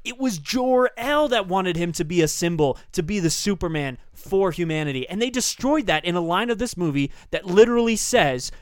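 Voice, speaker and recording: A man's voice: sits high, expressive, moderate pace, hardly any pauses, clear, resonant tone, no echo, clean studio sound. A man co-hosting a podcast, ranting heatedly in casual chat and swearing often. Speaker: podcast co-host.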